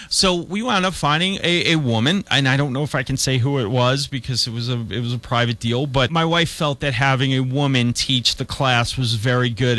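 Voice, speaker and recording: A man's voice: mid-range voice, bright, forceful tone, no echo. A man hosting a talk radio show, chatting casually and rambling with frequent restarts. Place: radio studio.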